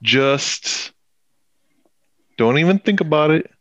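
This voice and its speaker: A man's voice: a little high, lively intonation, slow pace, no room sound. A man hosting a podcast, pushing and teasing his co-host in profane casual banter, laughing often. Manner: pushy, teasing, swears freely, laughs often.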